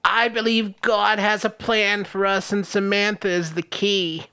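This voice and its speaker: A man's voice: sits high, flat delivery, unhurried, bright, forceful tone, smooth, heavily acted. A man voicing a grieving, devout elderly grandmother in a comedic script table-read, earnest and melodramatic. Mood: solemn.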